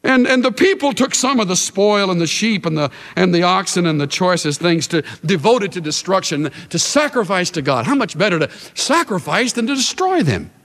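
A man preaching a sermon in a dramatic, emphatic way, slowing down and dropping his voice for emphasis. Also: high-pitched, sing-song. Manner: dramatic and emphatic, with big swings in loudness and pace. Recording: long reverb of a large hall.

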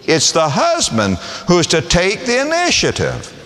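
A man's voice: a little high, huge pitch swings, moderate pace, hardly any pauses, a bit bright, long reverb tail. A man preaching a sermon, reading old scripture aloud and briefly voicing the people in it. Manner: reads scripture aloud and acts out voices in the text.

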